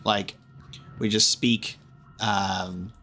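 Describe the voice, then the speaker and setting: A man's voice: on the low side, little pitch movement, drawn-out words, pushed and bright, faint music behind. A man giving casual, jokey commentary as he plays through a video game, chatting to himself as he goes. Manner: chatty, jokey, talks to himself while playing. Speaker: gaming streamer.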